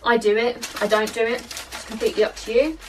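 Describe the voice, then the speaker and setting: A woman's voice: fairly high pitch, fairly even intonation, a little fast, heavy background noise. Chatty woman baking at home. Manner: chatty and self-deprecating, talks to the dough. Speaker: baking vlogger. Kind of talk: casual how-to narration. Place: home kitchen. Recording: distant mic with faint kitchen clatter.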